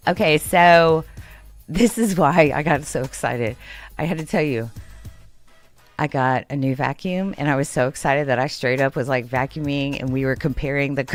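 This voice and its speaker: A woman's voice: rumbling low, normal speed, faint music behind. A woman co-hosting a casual radio chat show, bubbly and rambling, laughing often. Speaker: radio co-host.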